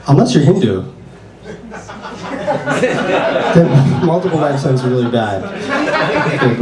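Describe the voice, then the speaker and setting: Deadpan young comic in a roomy club. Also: male voice. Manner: deadpan, dark-humored, with sudden jumps in pitch. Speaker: stand-up comedian. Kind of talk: stand-up comedy set. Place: small club stage. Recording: roomy live club from a distance with crowd. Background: audience laughter.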